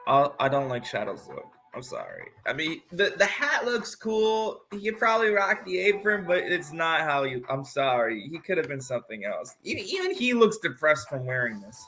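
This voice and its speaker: A let's-play host giving casual, playful commentary with quick joking asides. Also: medium pitch, huge pitch swings, sharp tone.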